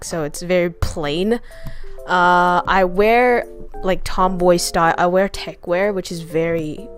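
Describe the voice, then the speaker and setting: A woman streamer answering viewer questions in a casual chat, frank and crude in her joking and quick to laugh. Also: medium pitch. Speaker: VTuber streamer.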